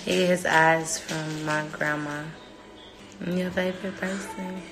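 A young mother chatting casually in a home vlog, coaxing her toddler in a sing-song voice and giving relaxed updates to the camera. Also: lowish voice, slow, music in the background. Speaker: mother and vlogger.

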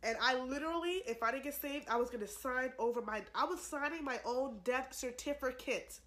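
A young woman gives an earnest religious testimony to camera, pleading with viewers, addressing them as "y'all," and repeating herself for emphasis. Her voice is high and fairly bright, and she speaks fairly quickly.

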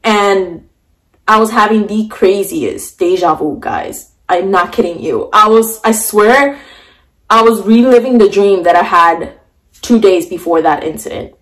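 A woman's voice: medium pitch, a little slow, low-quality recording. Young woman rambling thru a storytime vlog, super chatty, lots of likes and ums. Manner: animated, chatty, full of fillers. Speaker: vlogger.

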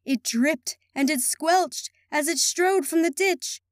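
A woman reading a children's picture book aloud in an expressive, sing-song way. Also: sits high, slow, no echo, clean studio sound. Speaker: children's story reader.

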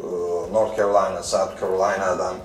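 A man's voice: low voice, flat delivery, brisk. Man explaining, echoey and distant. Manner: explanatory, confident. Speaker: actor, interview guest. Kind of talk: interview explanation. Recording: echoey, distant, with faint room noise.

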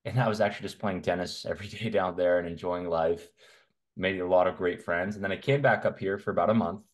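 Talking fast in a low voice with a steady tone, a men's health coach from Canada gives a casual interview as a guest. He's blunt and opinionated and tends to speak in long runs.

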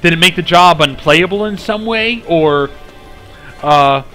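Guy streaming a game, chatty and rambly, hums little tunes, bright kinda high voice, soft game music behind. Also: a little slow. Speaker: live-streaming game host. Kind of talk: casual game live stream chat. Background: faint game music.

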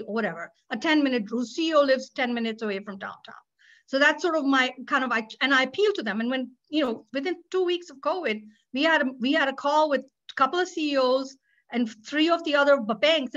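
A woman's voice: high voice, fairly bright tone, muffled recording. An older woman, a public interest lawyer, talking candidly and animatedly on a webinar panel, with sarcastic asides. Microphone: video call.

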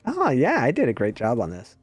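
A man's voice: medium pitch, huge pitch swings, brisk, husky, no room sound, faint music behind. A man casually chatting and laughing while streaming a co-op game, thanking viewers now and then. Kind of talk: casual gaming chat.

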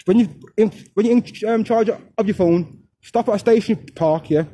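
A man's voice: high-pitched, moderate pace, mellow, slightly rough. A man filming his own confrontational street vlog as a fathers' rights activist, firing off taunting questions. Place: outdoors on a street.

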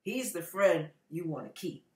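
A woman pastor preaching an impassioned online sermon, moving from hushed, slow teaching to tearful, shouting fervor. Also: on the low side, animated, roomy sound.

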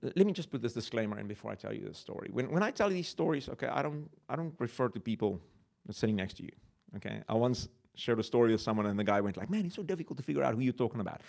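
A man's voice: fairly low pitch, quick pace, vocal fry, darkish tone. A male pastor preaching a sermon, talking in a conversational way, asking the audience questions and laughing at himself. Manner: conversational, with self-mocking laughs.

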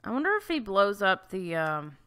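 A woman's voice: mid-range voice, big pitch swings, normal speed, bright, forceful tone, clean tone. A woman hosting a let's-play, chatting casually through her gameplay, easily flustered and full of exclamations and restarts.

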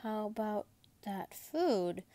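A woman reading the lines of a calm, protective teenage boy wizard, in a plain, close voice. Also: mid-range voice, slow, no room sound. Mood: soothing. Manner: calm and soothing.

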